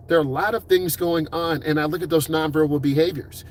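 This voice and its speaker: Male driving instructor, middle-aged, slightly high voice, upbeat and encouraging, casual delivery. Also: steady tone, slight background noise. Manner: upbeat, encouraging, puts on quick voices for quoted people. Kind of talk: casual advice talk to camera.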